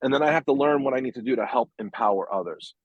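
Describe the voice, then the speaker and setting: A man's voice: medium pitch, fast talker, breathy edge, dry recording, muffled recording. Earnest man, personal story on a call, dry and close. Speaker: guest. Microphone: phone call from a parked car.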